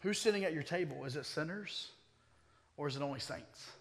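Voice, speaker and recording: A male pastor preaching a sermon, conversational at times and building to forceful emphasis. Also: fairly high pitch, brisk, long reverb tail. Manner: conversational asides with humor.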